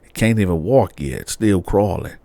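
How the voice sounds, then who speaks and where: Man, storyteller, casual true crime, slangy, animated, low, dry. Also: moderate pace, vocal fry, no room sound. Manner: animated, slangy, keeps asking "right?".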